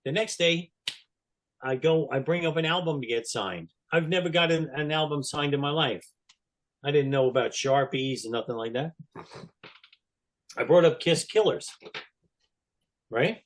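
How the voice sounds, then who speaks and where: A man, a podcast guest, telling an animated story and acting out the quotes loudly. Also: on the high side, normal speed, long pauses.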